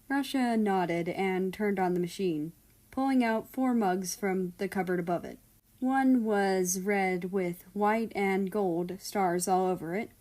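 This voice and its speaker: A woman's voice: medium pitch, slow, a little mellow. Woman narrating a fan story. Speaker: fan fiction reader.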